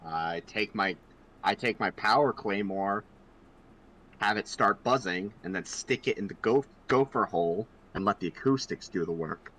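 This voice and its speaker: A man's voice: on the low side, moderate pace, fairly bright tone, slight background noise. A man playing a tabletop game, stating his character's actions bluntly in short lines. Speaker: player. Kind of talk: casual tabletop play.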